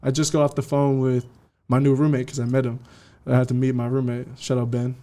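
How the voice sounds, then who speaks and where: A young man from California, a DJ guest telling his story in a casual interview, slangy and animated, acting out what people said. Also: medium pitch, fairly quick. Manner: slangy, animated, acts out quotes.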